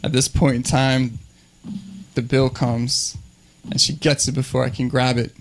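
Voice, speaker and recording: A male comedian tells a story with a dry, deadpan delivery. His voice sits at an ordinary mid pitch and stays unhurried. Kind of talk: stand-up storytelling.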